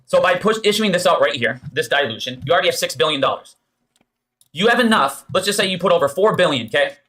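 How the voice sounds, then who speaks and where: A man's voice: on the high side, lively intonation, quick pace, pushed and bright. A man giving insistent, profane stock market commentary while explaining a chart.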